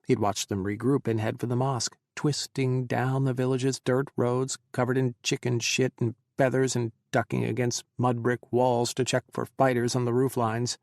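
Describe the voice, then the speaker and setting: A male audiobook narrator with a gravelly, textured voice at a mid pitch. His dramatic reading is measured and even. The sound is dry and close, with no room around it. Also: dry recording.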